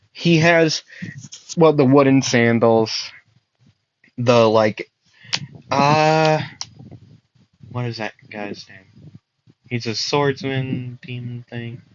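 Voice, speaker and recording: Casting: a slow-talking man telling a made-up story, halting, dull lo-fi recording. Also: mid-range voice, dry recording. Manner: halting, many fillers and restarts. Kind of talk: improvised fan story narration.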